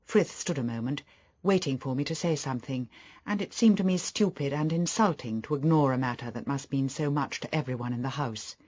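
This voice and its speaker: A man reading a novel aloud as audiobook narration, steady and even. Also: medium pitch, fairly quick. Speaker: audiobook reader. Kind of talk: scripted narration.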